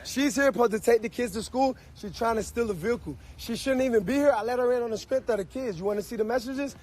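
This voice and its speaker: A man arguing heatedly and profanely with police outside his home, shouting and frustrated. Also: very high voice, fast.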